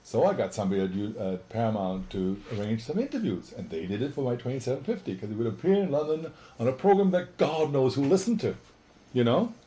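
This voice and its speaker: Exuberant middle-aged man with a mellow voice. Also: mid-range voice, animated, fast talker, a little hiss or hum. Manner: exuberant, rambling storyteller. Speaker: interviewee. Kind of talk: casual reminiscing interview.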